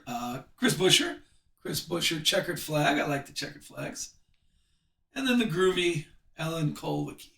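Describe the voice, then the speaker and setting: A man's voice: fairly high pitch, vocal fry, sharp tone, echoey room, far from the mic. A man hosting a live sports card break, chatting with viewers and reading off the cards as he opens packs. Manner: chatty, reads card names off quickly.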